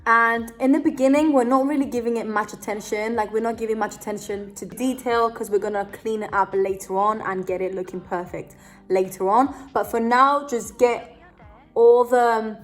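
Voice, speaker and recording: A woman's voice: on the high side, moderate pace, soft background music. A young woman chatting casually through a beauty tutorial at home, rambling with lots of fillers and joking about herself. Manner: rambling, full of "like" and "kinda" fillers; giggly, self-joking. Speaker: beauty vlogger.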